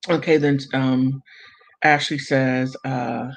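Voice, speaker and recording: A man hosting a commentary channel, reading messages aloud and commenting between them. He talks haltingly, stumbles over words and breaks off to exclaim in disbelief. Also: mid-range voice, level tone, creaky, low-quality recording.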